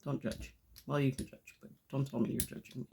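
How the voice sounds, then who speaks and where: This woman has a bass voice with a completely flat, brisk delivery and vocal fry, with noise in the background. She's a mixed media artist giving casual commentary on a gel plate print in her home studio, chatty, self-deprecating and quick to laugh at herself.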